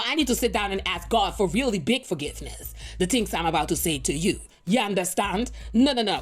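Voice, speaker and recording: A young adult woman giving casual gossip commentary as a news-style vlogger, playful and sassy, often laughing and tossing out rhetorical asides. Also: mid-range voice.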